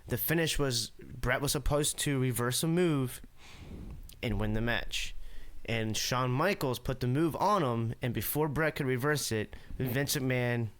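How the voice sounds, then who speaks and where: Smooth-voiced man explaining calmly. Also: mid-range voice, unhurried. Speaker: podcast guest. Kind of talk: casual chat.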